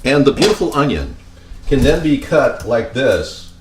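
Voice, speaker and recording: A man's voice: medium pitch, measured pace. Chatty man cooking in a noisy kitchen. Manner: chatty, with deadpan joking asides. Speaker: home cooking vlogger. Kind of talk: casual cooking demonstration. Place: home kitchen at the stove. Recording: kitchen clatter of pots and pans behind.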